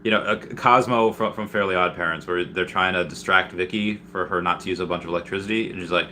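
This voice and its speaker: With a deep, steady, sharp voice and a quick pace, a Peruvian livestreamer reads out viewer comments and rambles through his replies, restarting sentences often. The stream is casual, and there's slight background noise.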